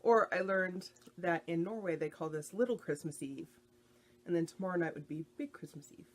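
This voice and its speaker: A woman from the United States hosts a knitting podcast, chatting in an easygoing way with frequent fillers. Her voice is fairly low and moderately paced, suited to the casual chat.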